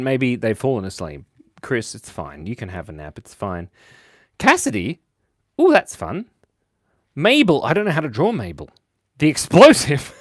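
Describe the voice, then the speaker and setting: A man's voice: mid-range voice, no echo, studio quality. A man hosting a live drawing stream, chatting playfully, joking and reading viewer comments aloud. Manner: playful, jokey, reads chat comments aloud. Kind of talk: casual live-stream chat while drawing.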